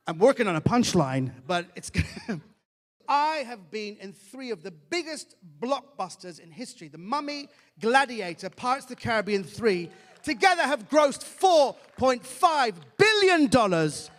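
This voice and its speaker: A middle-aged man doing live stand-up with a high, lively voice that jumps into mock characters and shouted punchlines. He is recorded on a large theatre stage, his voice trailing off in the long reverb of the hall. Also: unhurried. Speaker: stand-up comedian. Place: large theatre stage before a laughing audience.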